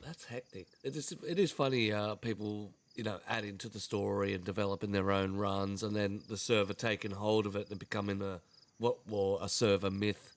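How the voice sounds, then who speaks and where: Brief: man, lower voice, relaxed host steering the chat. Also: normal speed. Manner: laid-back, short reactions. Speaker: podcast host. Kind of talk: casual chat.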